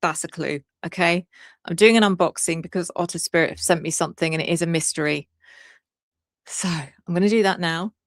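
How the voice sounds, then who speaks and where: A woman tarot reader hosting a casual live stream, chatty and excitable, laughing often and greeting viewers by name. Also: on the low side, a little fast, no room sound, studio quality.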